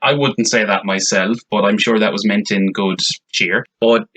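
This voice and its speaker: A man's voice: fairly low pitch, fairly even intonation, normal speed, a bit bright, slight background noise, poor audio. A young Irish man co-hosting a podcast, chatting casually about a film in a rambling way, often repeating words as he starts a thought. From Ireland. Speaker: podcast co-host. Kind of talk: casual film review chat.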